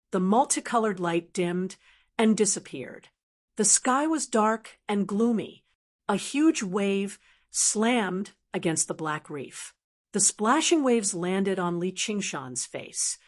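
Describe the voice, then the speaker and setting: A woman narrating a fantasy audiobook in a steady, even storytelling manner. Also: mid-range voice. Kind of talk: scripted narration.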